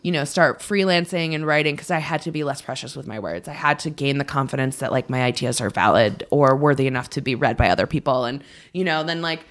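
Her rumbling low voice races along with hardly a pause as she rambles frankly on a podcast. The woman, in her thirties, curses freely and pokes fun at herself in this casual chat.

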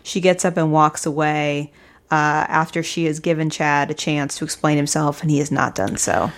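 A woman with a somewhat low voice co-hosting a podcast. She recaps events in a steady, methodical way in casual chat. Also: moderate pace. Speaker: podcast co-host.

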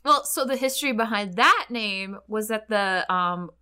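A woman co-hosts a podcast in loose, casual chat, with a bright, clear voice. She laughs often and swears freely, with animated delivery. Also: mid-range voice, normal speed. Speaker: podcast co-host.

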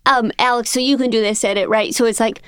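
A woman's voice: a little high, steady tone, fast, clean tone, no echo. A woman co-hosting a comedy game podcast, playful, teasing and mock-indignant in casual chat. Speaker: podcast co-host.

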